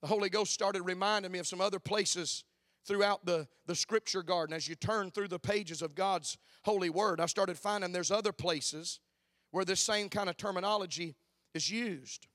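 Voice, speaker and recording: Male preacher, high tenor, emphatic and folksy, repetitive cadence, dry recording. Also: moderate pace, fairly bright tone, no room sound. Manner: folksy, emphatic, builds with repeated phrases and "uh" fillers. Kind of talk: church sermon. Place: church.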